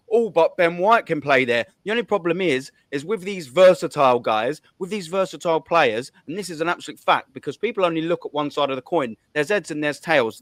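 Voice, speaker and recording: A man's voice: on the high side, a bit bright, dry recording. A man hosting a fan channel, ranting about football with heavy swearing and hard emphasis. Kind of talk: heated football fan rant.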